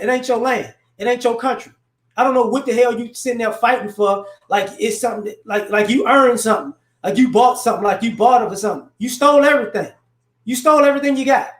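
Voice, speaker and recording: Speaking quickly in a very high voice, this man hosts a live stream and delivers unscripted, confrontational social commentary. He's blunt and rambling, repeating words to build his points, all in a roomy, echoing space.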